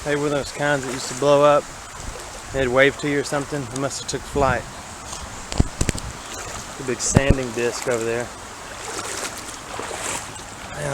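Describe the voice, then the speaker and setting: A Southern-accented man chats in a loose, folksy ramble, thinking out loud about each thing he spots. His voice sits at an ordinary pitch for a man. Running water and outdoor sound come through clearly on his handheld camera mic. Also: flat delivery, moderate pace, long pauses, very noisy. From Alabama. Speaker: vlogger exploring a creek. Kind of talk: casual walking narration. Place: outdoors wading in a city creek.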